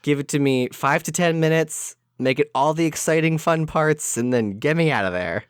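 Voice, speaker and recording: A man's voice: a little high, moderate pace, clear, resonant tone, no room sound, studio quality. A man co-hosting a casual movie podcast, laid-back, often giving brief replies. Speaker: podcast co-host.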